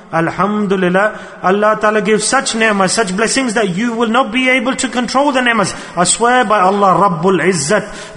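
Brief: male preacher, high voice, animated and earnest sermon, long hall reverb.

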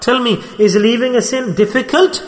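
A man's voice: very high voice, normal speed. A man preaching a sermon in a large mosque, emphatic and storytelling, with many rhetorical questions. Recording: echoey hall reverb.

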